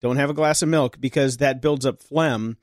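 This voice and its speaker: A man's voice: mid-range voice, fairly even intonation, normal speed, dry recording, clean studio sound. A male podcast producer and co-host chatting casually in an upbeat, joking, emphatic way.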